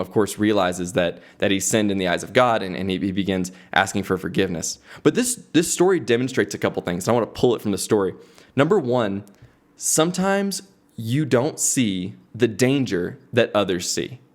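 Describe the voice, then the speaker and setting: Young man retelling a story casually. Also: lowish voice. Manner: conversational, frequent restarts. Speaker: podcast host.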